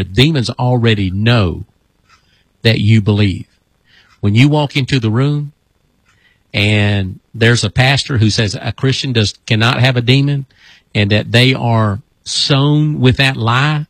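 A man's voice: medium pitch, a little slow, dry recording, low-quality recording. A man preaching as a deliverance minister on a broadcast, repeating commands for spirits to come out in a folksy, rambling way. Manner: repetitive commanding exorcism chants.

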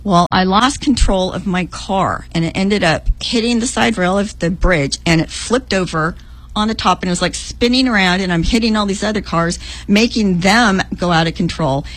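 Husky-voiced woman telling a dream. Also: normal speed, poor audio. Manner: animated, acts out her own lines in a higher voice. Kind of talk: emotional storytelling.

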